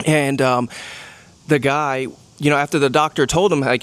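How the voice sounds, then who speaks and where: Man, mid-pitched voice, casual motivational monologue, rambling, lots of filler words. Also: fairly even intonation, normal speed, a bit bright, smooth, no room sound. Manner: rambling, full of "um" and "you know". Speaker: vlogger.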